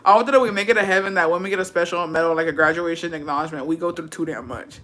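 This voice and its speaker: A woman's voice: lowish voice, very fast. A woman livestreaming and reading viewer comments, telling stories in casual chat. She is brash and swears a lot, and she switches between English and Spanish. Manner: brash, profane, animated storytelling.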